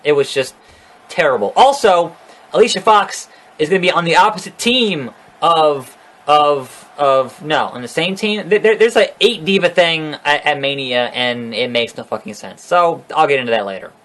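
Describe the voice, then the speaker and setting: A man's voice: fairly high pitch, expressive, moderate pace, a bit bright. A man casually recapping a wrestling show on his own, ranting, profane and sarcastic. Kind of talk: casual solo recap vlog.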